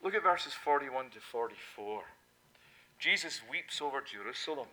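Preaching with an animated, mid-range voice at a moderate pace, a man slips into soft asides and then swells into loud, emphatic proclamation, restating key ideas for emphasis. The audio is poor.

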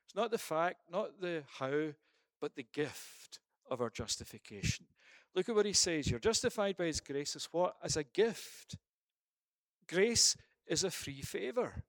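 Male preacher with a slightly high voice, emphatic, builds through repeated phrases, dry close mic. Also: expressive, unhurried, a bit bright, dry recording. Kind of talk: sermon and closing prayer.

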